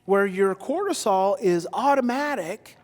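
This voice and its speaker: A man giving a live talk to an audience, energetic and repetitive, with loud emphatic bursts. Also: high voice, measured pace. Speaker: speaker on stage. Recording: reverberant hall.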